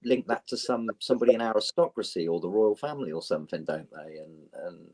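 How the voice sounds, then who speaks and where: A man with a slightly husky voice chimes in with short, jokey replies. His pitch bounces around lively as he chats along easily. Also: fast talker. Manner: agreeable, brief replies, jokey. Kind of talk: casual chat.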